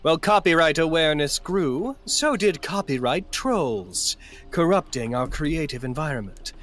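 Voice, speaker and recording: Bright-voiced joking man on stream. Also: a little high, lively intonation, moderate pace. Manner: joking, reads game dialogue aloud. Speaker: guest player. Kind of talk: casual gaming stream chat.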